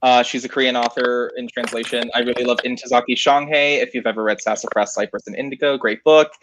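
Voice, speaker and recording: A man's voice: mid-range voice, fairly even intonation, quick pace, noisy background. A man co-hosting a casual book club livestream, dry and self-deprecating, on a home computer mic over a call.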